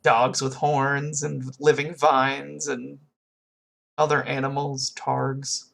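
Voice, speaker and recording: A podcast co-host in casual chat who retells scenes in an animated way and acts out the quotes. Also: medium pitch, slow pace, vocal fry.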